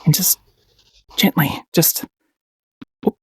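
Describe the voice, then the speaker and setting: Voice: mid-range voice, big pitch swings, normal speed, long pauses, no echo. A painting instructor giving a casual paint-along tutorial, playful and encouraging, often giggling and repeating short phrases.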